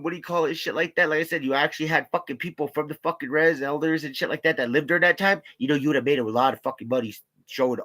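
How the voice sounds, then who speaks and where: Brief: male vlogger, high bright voice, rambling profane rant. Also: quick pace. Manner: profane, rambling, repeats himself. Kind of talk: casual rant to camera.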